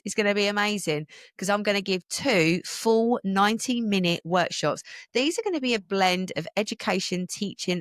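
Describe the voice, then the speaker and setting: British woman in her forties, podcast host and coach, chatty and rambling, lowish voice, dry close mic. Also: fairly bright tone, dry recording. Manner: chatty, rambling, gets emotional. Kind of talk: casual podcast monologue.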